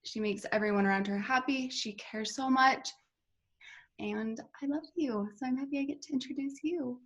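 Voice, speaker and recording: Tearful, affectionate woman, higher voice. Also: normal speed, highs cut off. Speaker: guest. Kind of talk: casual group video chat.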